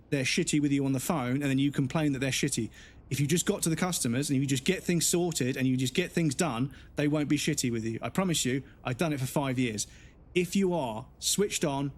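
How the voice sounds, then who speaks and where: A man's voice: medium pitch, a little hiss or hum. A man streaming a game, a father, ranting bluntly and swearing in casual talk. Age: adult with children. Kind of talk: casual live-stream rant.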